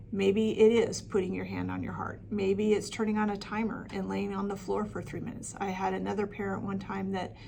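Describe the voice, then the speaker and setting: A woman's voice: mid-range voice, creaky, a little mellow, slight background noise. A middle-aged woman coaching parents with practical advice, talking plainly with frequent ums and restarts. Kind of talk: talking-head advice video.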